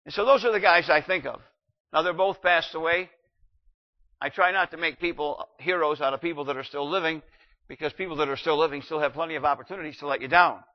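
A man's voice: a little high, fast talker, highs cut off. A male pastor preaching an earnest sermon and putting questions straight to his congregation.

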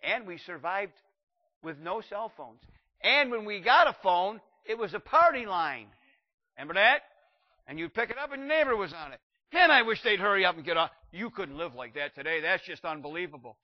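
An older man preaching a sermon, animated, shouting out acted quotes and slowing down to read scripture. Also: high voice, dull audio.

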